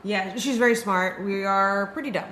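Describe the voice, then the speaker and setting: A woman's voice: mid-range voice, normal speed, fairly bright tone. A woman co-hosting a casual podcast, tossing in sarcastic, dry quips. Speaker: podcast co-host. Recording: roomy echo, faint background hiss.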